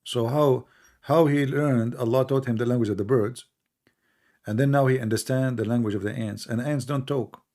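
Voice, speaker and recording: A man hosting a heated debate on a call, blunt and mocking, quizzing his guest and reciting Arabic verses quickly, his voice worn from long talking. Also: mid-range voice, steady tone, mellow. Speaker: host.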